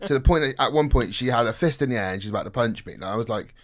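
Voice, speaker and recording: Sweary, animated man telling a story. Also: medium pitch, very fast. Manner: swears a lot, animated storytelling, laughs often. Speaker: podcast guest telling a story. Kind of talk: casual chat.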